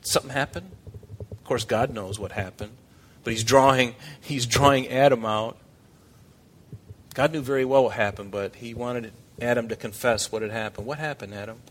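A man preaching an expository sermon with a voice of middle pitch. He talks to his congregation in a conversational way and turns animated when he quotes scripture. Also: moderate pace. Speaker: pastor.

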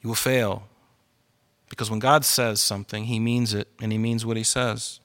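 A man's voice: fairly low pitch, little pitch movement, normal speed, fairly bright tone. A male pastor delivering a sermon to a congregation, conversational and worked up, driving his points home with emphatic repetition. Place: church hall with congregation.

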